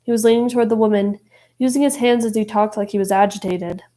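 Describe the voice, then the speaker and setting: A woman's voice: medium pitch, fairly even intonation, fast, warm tone, rough recording. A woman narrating an audiobook expressively, voicing each character. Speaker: audiobook reader.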